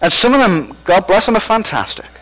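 Man, pastor, sermon, conversational, self-deprecating, slightly high voice, radio sound. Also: big pitch swings, a little fast, a bit bright, poor audio.

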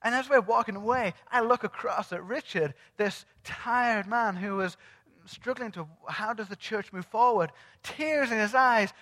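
Bright high-voiced man, echoing hall. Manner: animated storyteller who acts out quoted dialogue. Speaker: church speaker sharing a testimony. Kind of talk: sermon testimony storytelling. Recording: long reverb of a large hall.

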